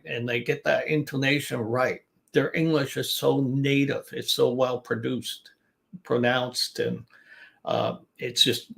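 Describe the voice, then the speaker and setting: A man's voice: medium pitch, vocal fry. An older man coaching business English in a chatty talk, restarting sentences and repeating words to show their stress. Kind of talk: informal online teaching talk.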